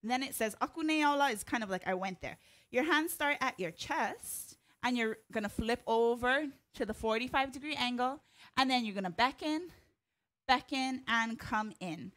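A woman's voice: a little high, moderate pace, fairly bright tone. A woman teaching an online hula lesson, counting the beats, chanting cues and explaining moves in a friendly, joking way. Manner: friendly, explains with small jokes and laughs.

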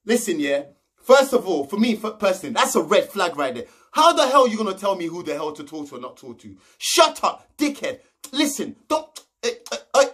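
Young man, high voice; casual brash recap vlogger, slangy and sweary. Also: very animated, fast, a bit bright, husky. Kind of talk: casual episode recap commentary.

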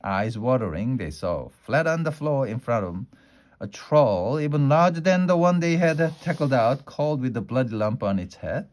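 A man reading a fantasy novel aloud, unhurried, now and then tripping over a word and restarting. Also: medium pitch, very animated, darkish tone. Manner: unhurried, with small slips and restarts. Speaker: storyteller.

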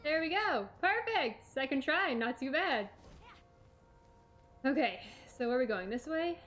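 A woman's voice: high voice, animated, a little slow, fairly bright tone. A young woman streaming a video game, talking to herself with chatty, dramatic exclamations. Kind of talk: let's play commentary.

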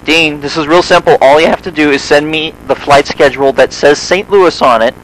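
A man with a Midwestern American accent making a prank phone call, deadpan and feigning theatrical offense. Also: fairly high pitch, a little fast, slight background noise. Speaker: scam baiter on a phone call.

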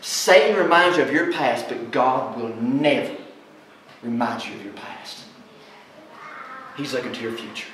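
Folksy pastor preaching in an echoey hall. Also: male voice, mid-range voice, measured pace, long pauses, recorded from a distance, background noise. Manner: animated preacher, quizzes the congregation with "guess what" questions; folksy, plainspoken. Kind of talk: sermon. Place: large church hall.

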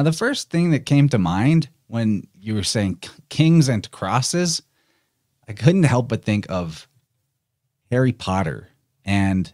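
A man's voice: lowish voice, a little mellow, no room sound, studio quality. A man talking as a podcast guest, chatty and musing, laughing easily. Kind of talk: casual conversation.

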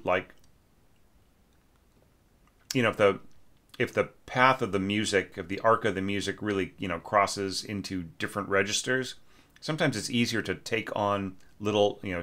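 With a sharp tone on the low side, a man casually critiques a student's orchestration score as its teacher. He thinks aloud with hesitant restarts and sings short snippets on nonsense syllables.

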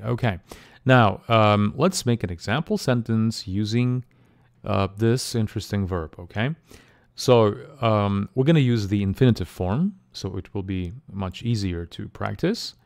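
Male tutor, low-pitched, very slow and deliberate, casual fillers. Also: vocal fry. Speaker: language teacher. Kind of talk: pronunciation lesson.

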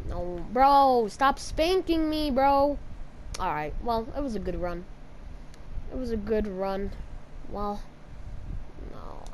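Jokey girl gamer commenting her run, yells at the game, faint noise behind. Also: on the high side, slow pace, long pauses. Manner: excitable, yelps and shouts at the game; jokey, teasing asides to viewers. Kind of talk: casual gameplay commentary.

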